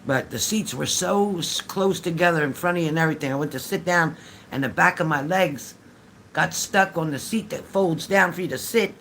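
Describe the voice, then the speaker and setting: An older man chats on a home livestream in a somewhat high voice. He rambles and repeats phrases, laughing often as he tells his stories. A faint hum of noise sits under his webcam sound. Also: normal speed, fairly bright tone. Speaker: livestream host. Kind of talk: casual livestream chat. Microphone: phone or webcam.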